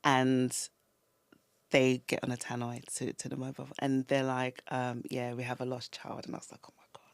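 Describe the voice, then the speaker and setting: A woman, a podcast guest telling a personal story in a casual, animated way. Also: rumbling low, moderate pace, no room sound. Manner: animated storyteller acting out quoted lines. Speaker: guest, toy brand founder.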